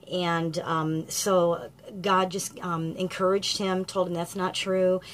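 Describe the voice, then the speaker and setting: A woman giving an earnest, gentle devotional message of encouragement to grieving parents, with frequent ums as she retells a scripture story. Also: fairly low pitch, little pitch movement, slow, hardly any pauses, slight background noise. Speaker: grief ministry speaker.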